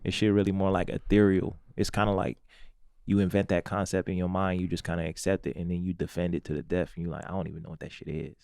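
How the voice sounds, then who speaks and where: A man's voice: deep voice, little pitch movement, fast talker, darkish tone, clear, resonant tone, dry recording, studio quality. A man from St. Louis, a podcast co-host, chatting casually, laughing often and checking in with "you know what I'm saying". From St. Louis, USA. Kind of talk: casual comedic chat.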